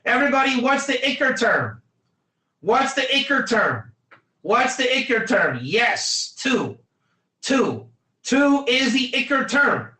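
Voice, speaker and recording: Male teacher, bright and tense, drilling points home in a roomy space. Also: very high-pitched. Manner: emphatic, repetitive, quizzes students by name. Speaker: Torah teacher. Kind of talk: energetic classroom lecture.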